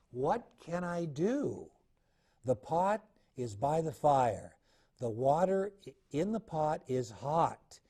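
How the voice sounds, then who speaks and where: A man voicing Little Bear, an eager little boy bear cub, in a high sing-song storybook voice. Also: dark tone. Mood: worried.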